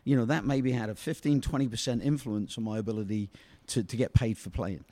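Here a former soccer player, a middle-aged Briton, guests on a storytelling interview and wanders through long tales, plugging each pause with "you know." His medium-pitched voice sounds steady and warm, with no echo.

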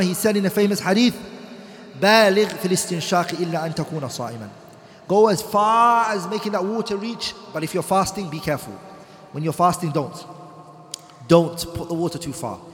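Male religious lecturer, high and quick, reads Arabic passages then explains them in English, asks the class questions; long hall reverb. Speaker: teacher of Islamic law. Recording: echoey hall.

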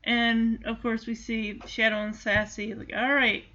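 A woman giving a chatty, animated casual recap of a movie, with asides to the listener. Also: fairly high pitch, measured pace, lo-fi sound.

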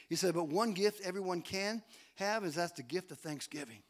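Brief: middle-aged male pastor, high voice, dynamic call-and-response preaching. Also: animated, brisk. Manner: preaching with call-and-response, swelling to shouts then dropping low. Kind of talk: sermon. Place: church sanctuary.

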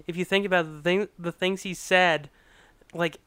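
A man's voice: high-pitched, steady tone, moderate pace, pushed and bright, smooth, no room sound. A man hosting a podcast in casual chat, giggling often and retelling scenes with animation.

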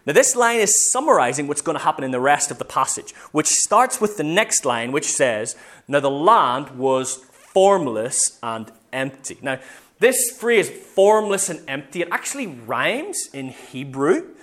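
A man's voice: fairly high pitch, unhurried. A man preaching a sermon in a church meeting room, in a casual, conversational way, correcting himself as he goes. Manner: conversational, self-correcting, animated storytelling.

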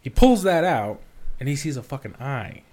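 A young man co-hosting a podcast, trading casual banter with deadpan jokes, lots of laughter and swearing. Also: medium pitch, moderate pace. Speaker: podcast co-host.

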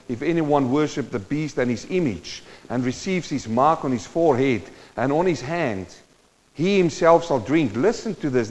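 A male preacher giving a sermon, moving between quiet teaching and loud, impassioned exhortation and speaking straight to his listeners. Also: medium pitch. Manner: addresses the congregation directly. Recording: dull sound with long hall reverb.

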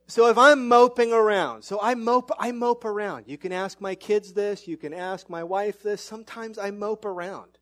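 A middle-aged man preaching a sermon as pastor, animated and self-mocking, his voice climbing when excited. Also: high voice, moderate pace, hardly any pauses.

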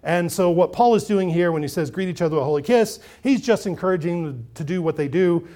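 A middle-aged man preaching a sermon in a conversational way, swinging between loud emphasis and quiet asides, often repeating and restarting phrases. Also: high-pitched, fast. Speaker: pastor.

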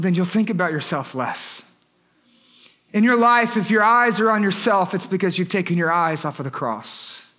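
A man preaching a sermon with humorous, lively storytelling and frequent asides. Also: high voice. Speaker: pastor.

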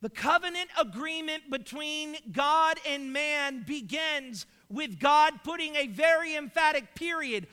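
A man's voice: very high voice, unhurried, few pauses, bright, forceful tone. A man preaching a sermon, emphatic and full of rhetorical questions. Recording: long hall reverb.

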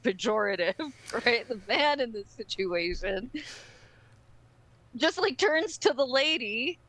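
A woman co-hosting a podcast, telling a story in a casual, animated and profane way and acting out other people's voices. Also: on the high side, slow, rough recording. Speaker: podcast co-host.

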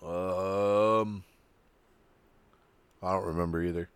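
A man co-hosting a casual fight-talk podcast, his voice going hoarse, loose and profane, stumbling over names. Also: sits low, steady tone, takes it slowly, no room sound. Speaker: podcast co-host. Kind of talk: casual chat.

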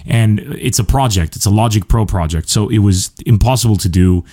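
This podcast host's voice is fairly low and dark, and he talks fairly quickly. He addresses listeners directly in a rambling, self-mocking comedic monologue, keeping it loose and chatty.

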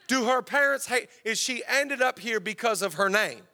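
Guy preaching as a bewildered prophet, stammery and pleading, high bright voice. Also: expressive, normal speed, exaggerated voice. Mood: incredulous. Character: exasperated, bewildered biblical prophet, adult man.

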